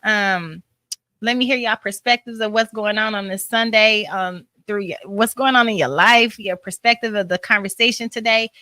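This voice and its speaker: A woman's voice: mid-range voice, moderate pace, pushed and bright, no room sound. A woman hosting a talk show, speaking candidly and emotionally about being tired and grieving. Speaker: host.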